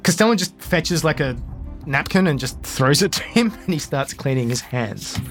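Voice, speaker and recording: A man narrating a tabletop game as game master, relaxed, with quick asides. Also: on the high side, soft background music.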